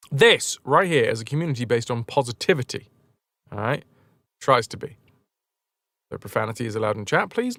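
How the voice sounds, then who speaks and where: Animated, swearing British man streaming at home. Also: medium pitch, no echo. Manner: animated, joking, swears freely. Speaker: game streamer. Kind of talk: casual livestream chat.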